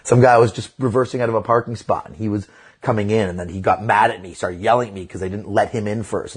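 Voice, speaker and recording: A man's voice: on the low side, fast talker, breathy edge. A middle-aged man, a comedian guest on a casual podcast interview, talking bluntly and with profanity, and telling stories animatedly.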